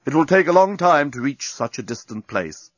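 A man voicing a smug male alien navigational officer who speaks slowly and deliberately, in a storybook reading. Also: on the high side, big pitch swings, dry recording, voice pushed up. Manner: slow, deliberate and superior. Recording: dull lo-fi recording.

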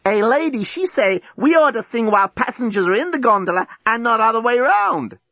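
A man's voice: extremely high pitch, animated, a little fast, sharp tone, no echo, dull audio, voice pushed up, heavily acted. A man doing a chatty gondola robot. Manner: clipped broken English. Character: chatty male gondola robot, broken grammar.

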